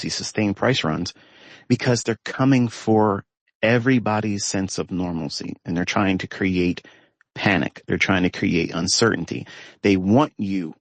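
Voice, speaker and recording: A man's voice: fairly low pitch, no echo. A man teaching trading, talking unscripted from inside a parked pickup truck in an emphatic, scornful way, stretching out the words he stresses. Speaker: trading educator. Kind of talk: unscripted ranting monologue.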